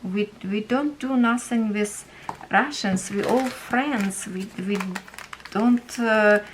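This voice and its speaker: Slow, halting woman with a Ukrainian accent. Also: fairly high pitch, background noise. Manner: halting, searching for words. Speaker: craft vlogger. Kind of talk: casual storytelling while organizing.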